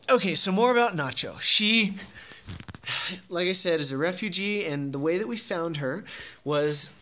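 A man's voice: sits high, moderate pace, a little hiss or hum. A man talking casually and playfully in a home vlog about his pet dog. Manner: playful, excitable. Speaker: dog owner and vlogger.

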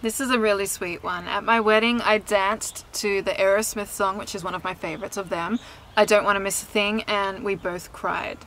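Bright, candid woman vlogging. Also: medium pitch, steady tone, normal speed, few pauses, a little hiss or hum, rough recording. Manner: chatty, candid, laughs often, swears casually. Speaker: vlogger and singer. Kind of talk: casual chat to camera. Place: outdoors in sunshine.

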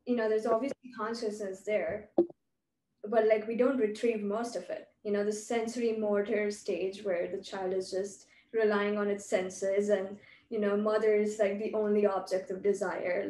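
A woman's voice: mid-range voice, flat delivery, moderate pace, mellow, a little hiss or hum. A woman hosting a podcast, talking in a thoughtful, musing, academic way. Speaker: podcast host. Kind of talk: casual chat. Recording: echoey, distant from the mic.

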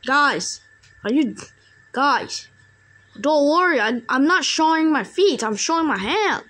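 A woman talks through a game in a high, bright voice. She speaks slowly and casually, then bursts into excitable taunts at other players. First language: Indonesian. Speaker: gamer. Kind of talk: casual gameplay commentary.

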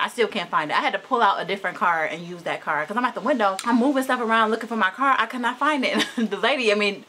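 A woman vlogging casually from her parked car, talking to a camera propped on the dashboard in an animated, anxious way. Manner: chatty and animated, rising high when annoyed. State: anxious, shaky nerves. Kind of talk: casual vlog chat.

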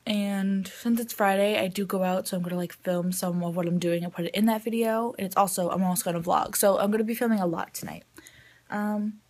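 A woman's voice: medium pitch, steady tone, fairly quick, a little mellow. A young woman vlogging in a chatty, rambling way, full of "like" and "um". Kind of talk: casual vlog chat.

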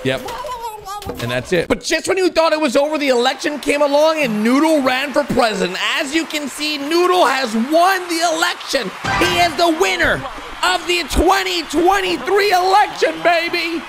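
A young man hosting a reaction video, excitable and loud, often laughing and shouting as he comments. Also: extremely high pitch, moderate pace. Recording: music playing underneath.

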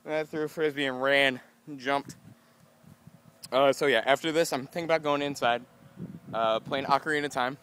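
A tired young man rambling goofily to a handheld camera outdoors in a casual vlog, breaking into excited yelps. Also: medium pitch, moderate pace, pauses often, smooth. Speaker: vlogger.

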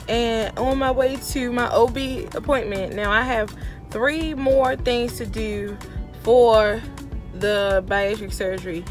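A young woman with a high voice talks into her phone from the car, unhurried and drawn out. She is chatty and expressive, sometimes soft and sometimes loud and joyful. It sounds like a casual video diary. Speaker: vlogger.

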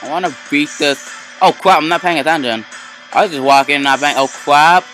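Male gamer, ranting and frustrated, bright and forceful, faint game music behind. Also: a little high, a little fast, low-quality recording. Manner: frustrated, ranting, exaggerated complaints. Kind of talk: casual gameplay commentary.

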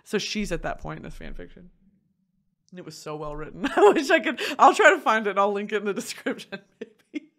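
A woman hosting a podcast, chatting casually in an animated way, swearing often and laughing through a story. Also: medium pitch, brisk. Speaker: podcast host. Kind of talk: casual chat.

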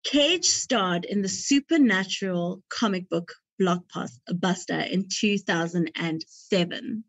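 A young woman hosts a movie quiz at an unhurried pace, reading each option slowly and adding chatty asides. The recording is dull and lo-fi, with a dry, close sound. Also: lowish voice, dry recording. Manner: chatty, laughs at her own jokes. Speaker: quiz host.

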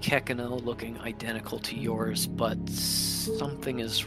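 A man narrating as game master of a tabletop game, in a hushed, measured way. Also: mid-range voice, little pitch movement, creaky, over loud music.

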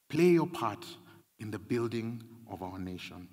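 A man's voice: lowish voice, expressive, a little slow, a little mellow. A man preaching a sermon, emphatic and repetitive, his intensity rising and falling. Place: large church hall. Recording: long hall reverb.

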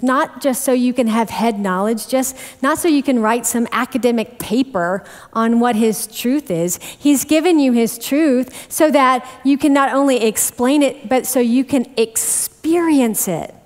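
A woman preaching a sermon to her congregation, chatty, animated and self-deprecating. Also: high voice. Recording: long hall reverb.

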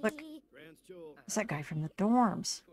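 A woman's voice: mid-range voice, sing-song, takes it slowly, darkish tone. A woman giving casual, chatty commentary over her life-sim game, talking to her characters like a fussing parent. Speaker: gaming video creator.

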